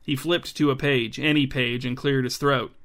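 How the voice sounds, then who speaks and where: A man narrating a story in a dry, measured storytelling manner. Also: mid-range voice, fairly even intonation, a bit bright. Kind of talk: scripted narration.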